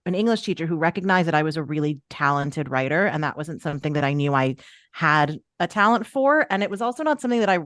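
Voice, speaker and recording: A New York City woman in her thirties with a lowish voice tells her story in a loose, candid way. She circles back and restarts as she goes. The sound is dry and close. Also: expressive, fast, fairly bright tone, dry recording. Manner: candid, chatty, many fillers and restarts. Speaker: sports journalist guest. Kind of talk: casual interview chat.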